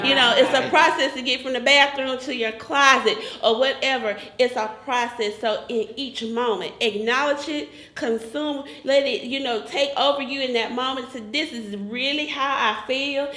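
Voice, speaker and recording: A woman sharing an emotional personal testimony in a group talk, animated and repeating words for emphasis. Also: sits high, moderate pace, hardly any pauses, reverberant.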